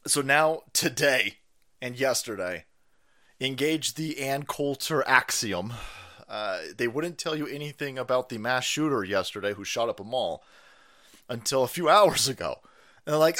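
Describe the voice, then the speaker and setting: A man hosting a ranting political livestream, loud and mocking, laughing often and mimicking other people's voices. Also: medium pitch, expressive, a little slow. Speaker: livestream host.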